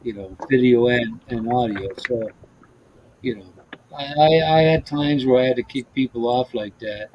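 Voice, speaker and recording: The recording has its highs cut off and a touch of hiss or hum, and the man on it speaks at normal speed with a medium pitch. He's a podcast host and ex-bus driver who tells profane stories about driving a bus in casual chat, laughing and restarting a lot.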